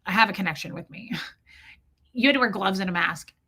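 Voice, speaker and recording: A woman's voice: medium pitch, a little fast, sharp tone, husky. A woman hosting a live stream, talking candidly and emotionally, swearing freely and greeting viewers from the chat. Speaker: livestream host. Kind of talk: casual live-stream talk, reading chat.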